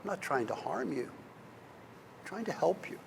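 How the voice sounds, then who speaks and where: A man as a gentle, firm old wizard. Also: a little high, very animated, moderate pace, vocal fry, in a large hall, slight background noise, voice pushed up, heavily acted. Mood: tender.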